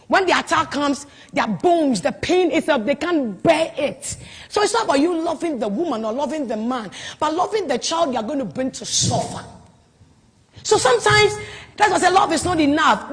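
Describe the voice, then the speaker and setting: High-voiced woman preaching in a hall. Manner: animated, swings from soft to loud exclamations. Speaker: prophetess. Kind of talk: preaching at a marriage conference. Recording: hall reverb.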